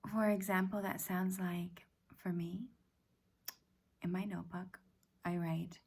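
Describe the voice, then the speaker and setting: A middle-aged woman talks slowly through a personal reflection, her voice slipping into a hushed half-whisper. Her tone sits fairly low, with a gravelly fry and a husky, breathy edge. She pauses and restarts as she gathers her thoughts. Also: fairly even intonation. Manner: often half-whispered, gentle and halting. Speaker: self-help practice host. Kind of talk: soft-spoken personal reflection.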